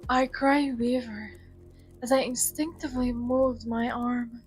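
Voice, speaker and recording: A woman's voice: a little high, steady tone, a little slow, breathy edge, faint music behind. A woman gaming YouTuber reading a survival visual novel aloud, mixing dramatic reading with joking commentary.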